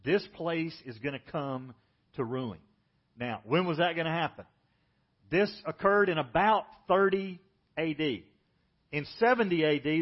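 A middle-aged man preaching a sermon as pastor, telling the story vividly and acting out the voices he quotes. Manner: storytelling, acts out quoted speakers with lifted pitch. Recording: dull lo-fi church audio.

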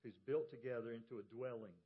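A man's voice: medium pitch, fairly even intonation, quick pace. A man from the American South with a Southern accent, preaching a sermon as pastor and telling folksy stories with emphasis. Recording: dull lo-fi church audio.

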